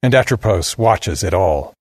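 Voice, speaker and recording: A man's voice: low-pitched, lively intonation, measured pace, husky, dry recording, studio quality. A man giving a scripted narration of a story in a blunt, sardonic manner.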